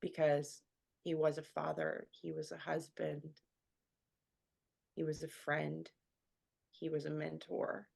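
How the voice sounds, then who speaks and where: A deep, gravelly, somewhat dark voice with a breathy edge belongs to a woman speaking slowly and completely flatly, with long pauses. She is a radio show guest in a candid personal interview, earnest in manner and relying on fillers, often "like."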